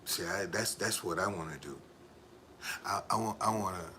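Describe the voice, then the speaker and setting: A man's voice: low voice, moderate pace, sharp tone, slight background noise. A man live streaming in a casual, rambling way, repeating himself and talking straight to his viewers. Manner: repetitive, emphatic, addresses viewers directly.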